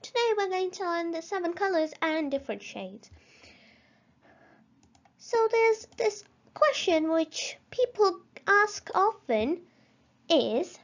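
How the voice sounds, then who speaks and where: High-pitched lady teacher, slow careful repeat-after-me drills, kinda muffled lo-fi audio. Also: big pitch swings. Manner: slow, encouraging, carefully pronounced. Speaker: language teacher. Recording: slightly dull lo-fi recording.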